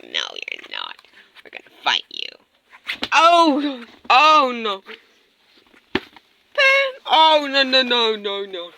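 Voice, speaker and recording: A woman's voice: high-pitched, huge pitch swings, extremely slow, long pauses, bright, forceful tone, a little hiss or hum. A woman voicing plush toys in a skit, screaming and gasping dramatically. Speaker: plush toy video narrator.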